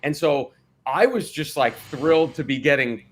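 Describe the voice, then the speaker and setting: An American man telling stories in a casual livestream chat, laughing often and talking with lively energy. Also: fairly high pitch, normal speed. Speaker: cast member on a livestream.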